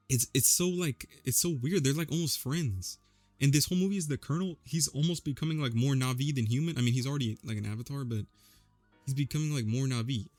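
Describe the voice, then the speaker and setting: A man's voice: on the high side, a little mellow, no room sound. A young man casually recapping a movie, rambling with lots of slang and fillers. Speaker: vlogger.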